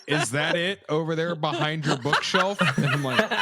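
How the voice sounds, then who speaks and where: A man's voice: on the high side, moderate pace, a little hiss or hum. A young man co-hosting a podcast, telling childhood stories in casual chat, swearing freely and acting out the voices in them. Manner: animated, swearing, acts out voices in his stories. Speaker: podcast co-host.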